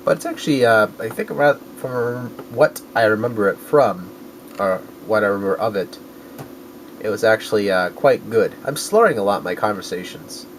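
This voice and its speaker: A man's voice: lowish voice, lively intonation, moderate pace, a little hiss or hum, poor audio. A man rambling casually in a vlog about his collecting finds, correcting himself often and dropping crude jokes. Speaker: video game collector vlogger.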